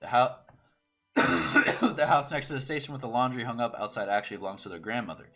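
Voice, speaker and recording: A man's voice: medium pitch, brisk, sharp tone, faint music behind. A man voicing a chatty, self-important station attendant in a game. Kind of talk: reading game dialogue aloud.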